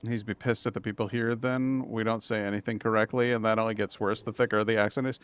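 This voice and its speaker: A man's fairly low, clean-toned voice moves at a quick pace with a level tone. He's from Massachusetts, has a New England accent, and gives rambling, chatty live commentary on a game he's streaming, with self-deprecating remarks.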